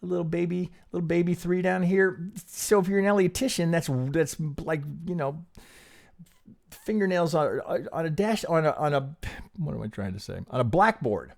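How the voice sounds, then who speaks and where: A man giving casual, animated market chart analysis, talking to himself as he draws. He interrupts himself often, restarts sentences and swears casually. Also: on the high side, moderate pace, vocal fry. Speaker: trading analyst.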